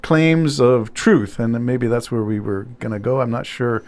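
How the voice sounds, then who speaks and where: A man's voice: mid-range voice, moderate pace, a little mellow, slight background noise. A retired man co-hosting a casual talk show, joking and easygoing. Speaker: podcast co-host. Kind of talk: casual chat.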